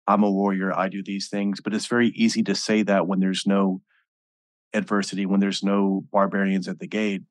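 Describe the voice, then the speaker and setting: Deep, flat-voiced male host. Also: normal speed, no room sound, clean studio sound. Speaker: podcast host. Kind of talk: interview talk.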